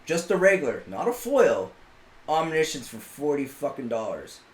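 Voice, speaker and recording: A man's voice: medium pitch, moderate pace. A man co-hosting a casual podcast, telling stories animatedly and swearing constantly. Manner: animated storytelling, swears constantly, gets loud retelling a rant. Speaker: podcast co-host. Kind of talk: casual profane chat. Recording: roomy room with faint background noise.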